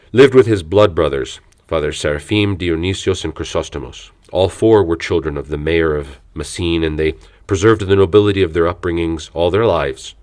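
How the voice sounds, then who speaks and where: A man reading an audiobook aloud in a measured, reverent manner. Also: sits low. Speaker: audiobook narrator. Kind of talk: scripted audiobook narration.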